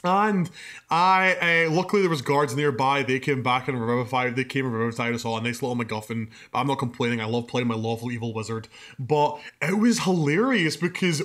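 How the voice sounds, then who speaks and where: A young man co-hosting a podcast, telling a story in casual chat, animated and profane, laughing as he goes. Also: medium pitch, brisk. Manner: animated, swears a lot, laughs mid-sentence. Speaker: podcast co-host.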